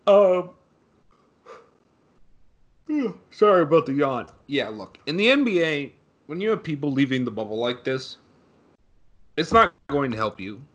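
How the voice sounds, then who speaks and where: A man's voice: on the high side, sing-song, a little slow, long pauses, a bit bright. A young man co-hosting a casual sports podcast, sarcastic and ranting, swearing freely. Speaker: podcast co-host.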